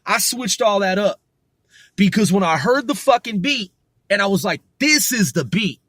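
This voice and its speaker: Casual rapper, higher-pitched man, talks in loops and restarts, dry close sound. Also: expressive, normal speed, fairly bright tone, dry recording. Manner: rambling, restarts often, swears casually. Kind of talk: casual rehearsal talk with rapped lines.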